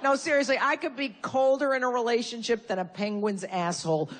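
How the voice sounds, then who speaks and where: A woman's voice: a little high, steady tone, brisk, a little hiss or hum. A woman from Connecticut doing a stand-up comedy set, brash and profane with punchy insult jokes. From Connecticut, USA. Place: live comedy venue with audience.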